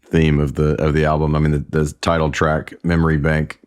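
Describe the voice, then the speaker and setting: A man in his forties with a very deep, low voice, the guest on an interview show. He tells family stories in a relaxed, conversational way, sometimes restarting his sentences. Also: a little fast, smooth. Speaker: singer-songwriter guest.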